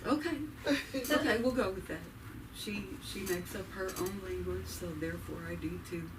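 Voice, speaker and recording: A woman's voice: mid-range voice, normal speed. Woman doing chatty stand-up, far off. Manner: chatty, laughs often, asks the crowd questions. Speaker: stand-up comedian at an open mic. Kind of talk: nervous stand-up set. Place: comedy club stage. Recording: noisy live room, voice from afar.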